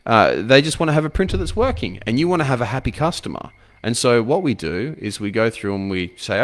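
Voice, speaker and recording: Blunt, profane man with a lively voice. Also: mid-range voice, fairly quick. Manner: blunt, swears freely, asks rhetorical questions. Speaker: men's coach. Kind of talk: motivational advice talk to camera.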